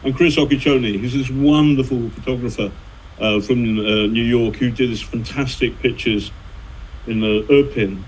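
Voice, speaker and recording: A man's voice: medium pitch, normal speed, a little hiss or hum, poor audio. A middle-aged man, a journalist and author, telling anecdotes in a rambling way, full of fillers and restarts. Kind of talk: conversational storytelling.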